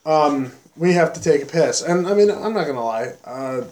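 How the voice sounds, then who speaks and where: A man's voice: a little high, lively intonation, moderate pace, a little mellow. A young man in his twenties telling a rowdy drinking story in casual chat, laughing and acting out his friends' voices.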